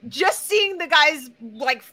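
A woman hosting a casual interview, talking in an emphatic, sarcastic and animated way. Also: high-pitched, slow. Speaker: podcast host.

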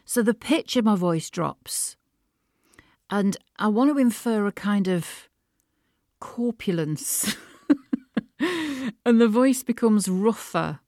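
A woman voice actor hosting her podcast, explaining her craft in an animated, self-amused way and laughing often. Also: medium pitch, slow, long pauses, no room sound, studio quality. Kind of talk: reflective podcast monologue.

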